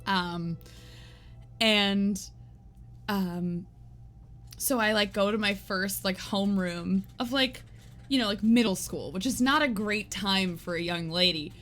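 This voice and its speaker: A woman's voice: medium pitch, takes it slowly, pauses often. Chatty, giggly woman streamer. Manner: chatty, rambling, peppered with "like"; giggly, animated storytelling. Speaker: game streamer. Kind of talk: casual live-stream chat. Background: faint game music.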